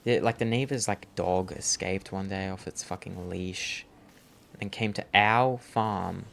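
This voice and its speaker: Gravelly young man, rambling and swearing. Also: low-pitched, a little slow, fairly bright tone. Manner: rambling, swears a lot, says bro. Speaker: gaming vlogger. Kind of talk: casual storytelling while gaming.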